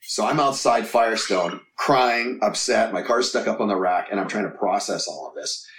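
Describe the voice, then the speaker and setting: Male guest, very low voice, blunt and profane, roomy off-mic sound. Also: normal speed, a bit bright, far from the mic. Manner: frank, swears freely. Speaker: podcast guest. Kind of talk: casual storytelling interview.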